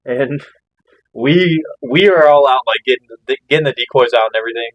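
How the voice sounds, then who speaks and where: A man's voice: mid-range voice, brisk, no room sound, lo-fi sound. A man co-hosting a hunting podcast, chatting in an easygoing way and laughing often. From Missouri. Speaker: podcast co-host. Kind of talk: casual chat.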